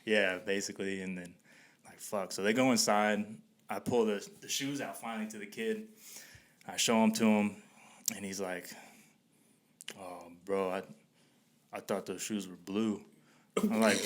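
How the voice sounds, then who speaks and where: A podcast host telling a story in a laid-back way, swearing freely and laughing through it. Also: male voice, low-pitched, fairly even intonation, unhurried, pauses often. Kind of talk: casual storytelling.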